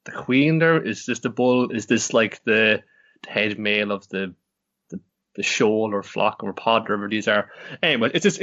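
A man co-hosting a casual recap chat, talking in a halting way with frequent pauses and restarts. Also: mid-range voice, fairly bright tone, highs cut off. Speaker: podcast co-host.

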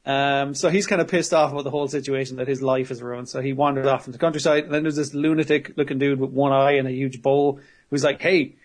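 A man chatting casually on a podcast, recapping a show, laughing often, swearing freely and slipping into quick character voices. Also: mid-range voice, steady tone. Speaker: podcast co-host.

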